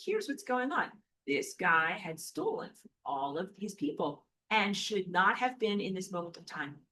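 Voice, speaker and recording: Woman, bright tone, casual whiteboard teacher; playful, thinks out loud, self-correcting. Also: medium pitch, sing-song, unhurried. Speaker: spiritual teacher. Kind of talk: casual whiteboard lecture while drawing.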